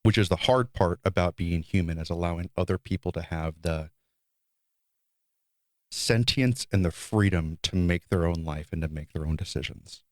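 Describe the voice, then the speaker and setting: Deep-voiced thoughtful middle-aged man. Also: dry recording, studio quality. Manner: thoughtful, measured, builds ideas slowly. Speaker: podcast co-host. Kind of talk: casual podcast conversation.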